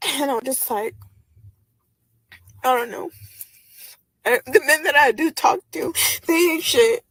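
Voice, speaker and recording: A woman's voice: high voice, takes it slowly, fairly bright tone, no echo. A woman in her twenties speaking hesitantly in a confessional vlog clip, filling her talk with "like" and nervous laughter. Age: 20s. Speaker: woman in a played video clip.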